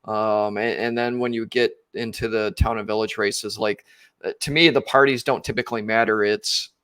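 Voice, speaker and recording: Low-voiced man hosting, dry sound. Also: steady tone, normal speed, a bit bright, dry recording. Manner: rambling, many fillers and restarts. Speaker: podcast host. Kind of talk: casual podcast interview.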